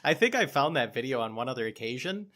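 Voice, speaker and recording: Man, podcast co-host, bright tense voice, rambling storytelling, self-mocking. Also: medium pitch, sing-song, fast. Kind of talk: casual storytelling.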